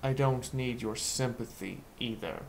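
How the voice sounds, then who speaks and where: A man voicing a cold ancient voice from the dark. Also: medium pitch, gravelly. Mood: cold, dismissive. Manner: slow, cold and dismissive. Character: ancient bellowing disembodied voice.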